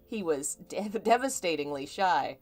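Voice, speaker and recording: A woman's voice: on the low side, animated, measured pace, darkish tone, soft background music. A woman streaming a live reading of fan fiction, amused, often breaking off with laughter and side comments. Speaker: fanfiction reader.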